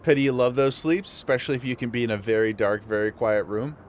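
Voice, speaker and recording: A man's voice: mid-range voice, little pitch movement, fast, a little hiss or hum. A man streaming a game, chatting casually with viewers and laughing often. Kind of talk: casual live-stream chat while gaming.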